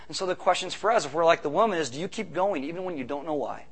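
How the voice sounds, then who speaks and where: A man preaching a sermon as pastor, conversational, with quick asides and rhetorical questions. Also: fairly high pitch, husky.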